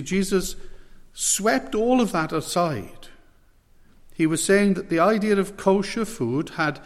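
A man preaching a sermon, emphatic and slowing down to stress key phrases. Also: fairly high pitch, long reverb tail.

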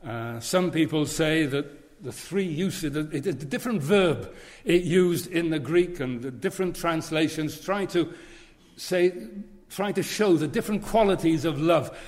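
A man's voice: on the high side, a little slow, darkish tone. A man preaching a sermon in a church, earnest and leaning on repeated phrases. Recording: long reverb of a large hall.

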